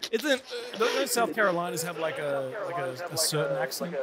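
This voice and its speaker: A man's voice: fairly high pitch, sing-song, a little fast, over a noisy crowd. A young man with an Australian accent, a YouTuber joking in casual gaming chat who trails off into mumbles. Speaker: YouTuber playing an online game. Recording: players chatting over loud game noise.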